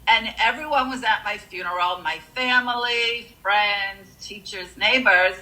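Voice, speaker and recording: A woman's voice: medium pitch, measured pace, sharp tone, faint music behind, rough recording. A woman earnestly telling a personal near-death story, with frequent fillers.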